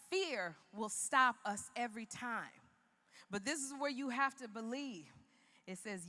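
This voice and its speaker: A woman's voice: a little high, moderate pace. A woman in her fifties giving a humorous, preacherly motivational keynote, acting out the voices in her stories. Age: 50s. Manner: animated, humorous, preacherly, acts out quoted voices. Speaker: keynote speaker. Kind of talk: motivational speech with comic storytelling. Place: large indoor arena. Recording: long arena reverb.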